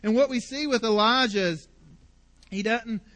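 A man's voice: extremely high pitch, moderate pace, a bit bright. A man preaching a sermon as pastor, emphatic and passionate, stacking up repeated phrases.

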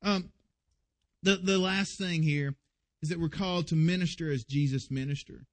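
Man, high voice, earnest emphatic sermon, pastor. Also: fairly even intonation, normal speed. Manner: earnest, emphatic preaching with rising urgency.

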